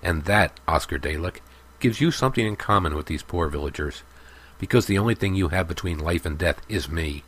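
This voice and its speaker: A man voicing a strong, furious young village leader who speaks slowly and menacingly. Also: low-pitched, expressive, a bit bright, breathy edge, exaggerated voice. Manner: slow, cold, menacing.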